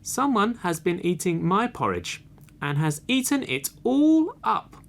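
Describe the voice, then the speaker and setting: Storybook baby bear, shrill and tiny, squeaky and very high, slow and drawn out, a man doing the voice. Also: sing-song, full character voice. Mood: indignant. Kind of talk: storybook reading.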